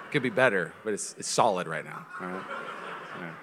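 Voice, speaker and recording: A male pastor preaching a sermon in a church, animated and joking, with quick asides. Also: sits low, background noise.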